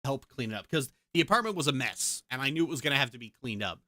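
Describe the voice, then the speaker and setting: A woman's voice: very deep voice, lively intonation, fast talker, hardly any pauses, sharp tone, no room sound, studio quality. A woman streamer in casual chat, ranting heatedly and swearing a lot.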